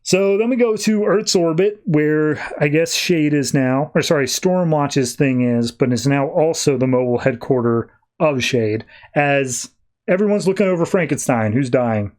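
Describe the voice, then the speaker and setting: A man hosting a podcast, casually recapping comic book stories in an animated way, slipping into quoted dialogue. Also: on the high side, moderate pace. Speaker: podcast host.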